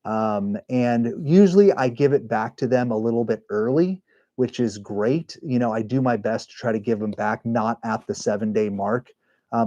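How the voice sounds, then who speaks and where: A man's voice: medium pitch, darkish tone, no echo. A man hosting a live stream, chatting casually and rambling, often correcting himself as he talks. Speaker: livestream host and engraving business owner.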